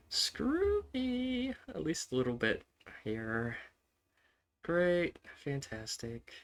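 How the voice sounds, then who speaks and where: A man's voice: a little high, a bit bright. A man giving casual, swearing commentary while playing a strategy game, repeating himself and laughing often. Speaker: gaming streamer.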